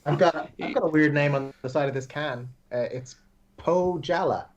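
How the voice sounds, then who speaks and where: A man's voice: fairly high pitch, normal speed, highs cut off, noisy background. A man joining a tabletop game as a player, joking and chatty. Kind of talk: casual chat.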